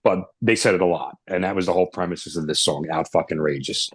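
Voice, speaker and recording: A man's voice: low-pitched, fast, husky, dry recording. A middle-aged man on a review panel, talking in a rambling, hesitant way. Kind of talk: casual album review chat.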